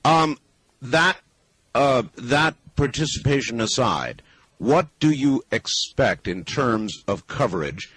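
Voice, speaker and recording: A man's voice: medium pitch, animated, slow, fairly bright tone, slightly rough, no room sound. Man hosting a radio talk show. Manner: brief, prompting questions. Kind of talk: interviewing a guest.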